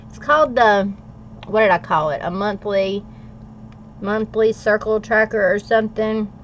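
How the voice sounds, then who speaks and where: A woman's voice: medium pitch, unhurried. A middle-aged woman hosts a casual livestream, chatting and answering viewers' comments. She is playful and laughs often. The audio is a little dull and lo-fi, with faint noise underneath. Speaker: livestream host. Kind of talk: casual livestream chat while journaling.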